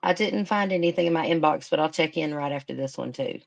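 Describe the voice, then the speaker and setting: A woman's voice: low-pitched, fast, vocal fry. A woman hosting a casual live stream, chatting and thinking aloud with emotion.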